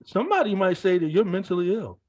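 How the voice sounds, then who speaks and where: A man's voice: high voice, big pitch swings, quick pace, a little mellow. A man hosting a casual online panel chat, teasing guests with mock interrogation and stammering restarts. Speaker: show host.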